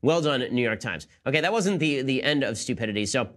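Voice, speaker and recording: A man's voice: medium pitch, lively intonation, a little fast, a bit bright. A man hosting a political commentary show, talking sarcastically and with disbelief. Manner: sarcastic, incredulous. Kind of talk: rapid-fire commentary.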